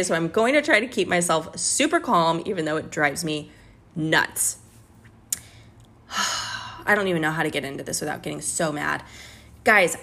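A woman's voice: mid-range voice, a bit bright. Heated woman ranting about business. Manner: heated, exasperated ranting with swearing. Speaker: podcast host and business coach. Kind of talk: candid business podcast monologue.

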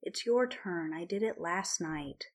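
A woman voicing a young woman who pleads and shouts in a high voice in a storybook reading. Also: expressive, measured pace. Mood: exhausted.

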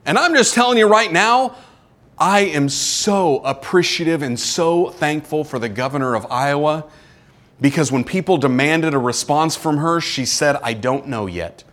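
Animated male preacher, higher voice. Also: a little slow. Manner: animated preaching with acted-out quotes and sudden drops to a quiet tone. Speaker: pastor. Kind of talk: sermon.

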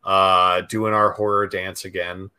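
Male podcast guest, lower voice but bright tone, enthusiastic casual talk. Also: measured pace, clear, resonant tone. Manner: enthusiastic, excitable. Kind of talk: casual chat.

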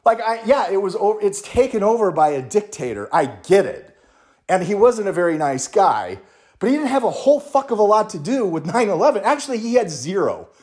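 High-voiced, lively man ranting. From United States. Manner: profane, animated ranting with mock quotes. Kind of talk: casual storytelling monologue.

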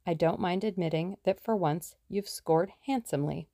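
A woman voicing a lively, impatient young woman sleuth in an audiobook, brisk and plucky. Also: lowish voice, no room sound, clean studio sound. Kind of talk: audiobook character reading.

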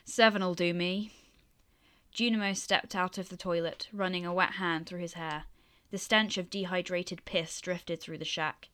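A woman reading her own story aloud in a steady, even voice, then chatting about it. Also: lowish voice, moderate pace. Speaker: author and reader.

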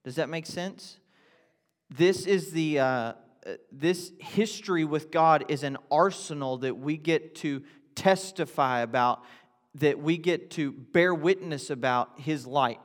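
A man's voice: a little high, takes it slowly, big-room sound. A man preaching a sermon in a conversational way, asking questions and building to emphatic repetition. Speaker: pastor.

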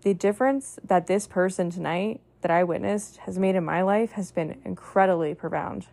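A woman with a fairly low, gravelly, slightly mellow voice speaks at normal speed on her podcast. Her motivational monologue is earnest and heartfelt, built on long repeated lists and many "like" fillers.

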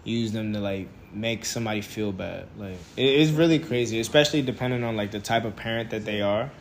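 A man's voice: fairly low pitch, brisk, slight background noise. A man hosting a podcast in casual chat. He hesitates and searches for his words. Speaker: podcast host.

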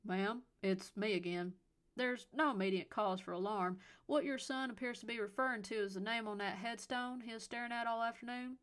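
A woman's voice: fairly high pitch, fairly even intonation, normal speed, a bit bright, close to an everyday voice. Woman doing an old Southern cop, folksy drawl. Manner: drawling, patronizing. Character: elderly male Southern police officer, folksy, condescending.

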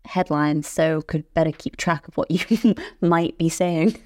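Chatty British woman, low voice. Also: a little slow, darkish tone, no room sound, clean studio sound. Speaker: podcast co-host. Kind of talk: casual chat.

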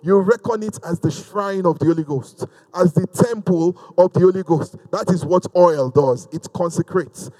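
A man preaches in a fairly high voice, swinging between bold declarations and hushed asides. He reads scripture aloud and draws the congregation into call-and-response. He sounds middle-aged and at ease in the pulpit. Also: normal speed, few pauses, big-room sound, low-quality recording. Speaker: pastor. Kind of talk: sermon.

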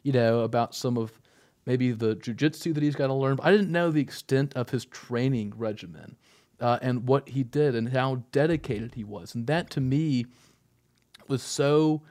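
A man's voice: mid-range voice, a little mellow. A young man co-hosting a podcast, joking and rambling in casual chat. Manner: joking, rambling, quick to laugh. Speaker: podcast co-host.

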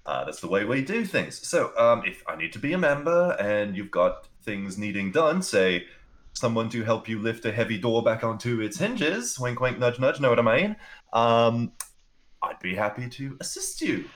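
A man's voice: medium pitch, sing-song, normal speed. A man taking part in a tabletop role-playing game, joking wryly in character. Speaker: player.

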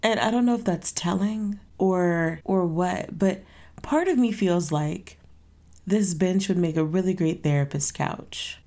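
A young woman talks straight to her listeners in a loose, rambling podcast chat, with a voice that sits a little low for a woman. She keeps things playful and drops sassy asides, as if she is confiding in friends. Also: measured pace, dark tone. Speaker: podcast host. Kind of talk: casual solo chat.

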